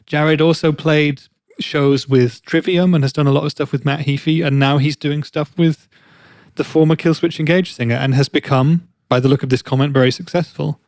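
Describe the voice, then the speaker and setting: A man's voice: a little high, steady tone, moderate pace, darkish tone, no echo, clean studio sound. A man co-hosting a podcast, chatty and rambling through explanations in casual chat. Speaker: podcast co-host.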